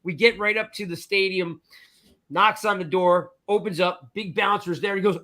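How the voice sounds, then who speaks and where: A man co-hosting a sports talk show, telling a long anecdote in a lively, chatty way, acting out the other people's voices. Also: sits high, moderate pace. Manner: animated storyteller, acts out voices, repeats "I'm like" and "right?". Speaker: podcast co-host. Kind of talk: casual storytelling chat.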